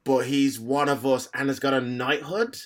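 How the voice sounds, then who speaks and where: Chatty Black Country man, bright voice. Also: mid-range voice, level tone, normal speed. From Black Country, England. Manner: rambling, laughs often, many restarts. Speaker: stand-up comedian guest. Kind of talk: casual podcast chat.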